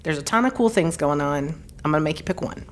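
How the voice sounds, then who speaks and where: Lowish-voiced woman hosting a chat. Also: lively intonation, quick pace, slight background noise. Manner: playful, laughs often. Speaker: podcast host. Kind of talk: casual interview chat.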